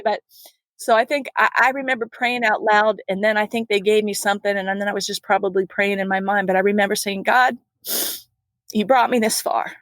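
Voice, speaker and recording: A woman who works as a critical care nurse, telling a personal story in an earnest, animated way as a podcast guest. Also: fairly high pitch, brisk, no room sound.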